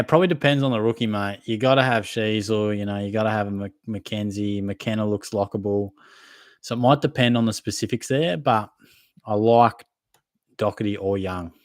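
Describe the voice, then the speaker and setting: A man's voice: lowish voice, dry recording. A man with an Australian accent hosting a live Q&A, reading out viewer questions and answering them in a casual, matey way. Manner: casual, matey, conversational, hedging fillers. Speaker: fantasy football podcast host.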